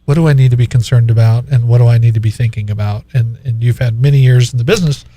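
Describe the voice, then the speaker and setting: A man's voice: mid-range voice, steady tone, fast, dark tone. A middle-aged man hosting a business talk show, chatting casually and laughing often as he tells stories. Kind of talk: casual interview chat.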